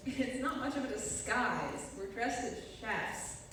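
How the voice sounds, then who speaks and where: A woman's voice: on the high side, expressive, fairly bright tone. A woman playing an exasperated nervous chef. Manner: exasperated, quick-talking. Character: anxious reluctant chef accomplice. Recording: echoey room, distant mic, faint noise.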